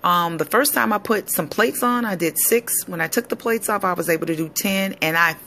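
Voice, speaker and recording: A woman's voice: on the low side, moderate pace, bright, forceful tone, a little hiss or hum. A woman personal trainer in a casual fitness vlog, explaining exercises in an upbeat, encouraging way.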